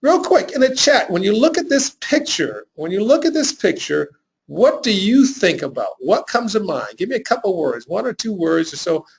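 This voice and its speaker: A middle-aged man presents a live business webinar in an energetic, repetitive way. His voice sits high for a man, and he keeps turning to his viewers with quick questions for the chat. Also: creaky, slightly rough, rough recording. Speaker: webinar host.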